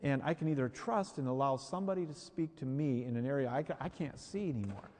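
A man's voice: mid-range voice, animated, fast talker, darkish tone. A man preaching a sermon who acts out the reactions he quotes. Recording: hall reverb.

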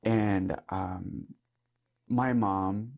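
A man's voice: fairly low pitch, steady tone, very slow, darkish tone. A young adult man, a Catholic priest, telling a personal story in an interview, earnest and easygoing with frequent light laughs.

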